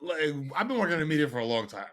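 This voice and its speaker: A man's voice: a little high, big pitch swings, rapid-fire, a bit bright, slight background noise. A man, a podcast guest, telling stories in a casual, slangy way, swearing often and putting on other people's voices. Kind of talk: casual chat.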